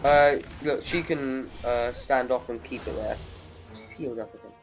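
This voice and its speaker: A man's voice: medium pitch, moderate pace, over music. A young man, casually commenting on his own gameplay and joking as he plays. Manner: chatty, laughs and taunts while playing.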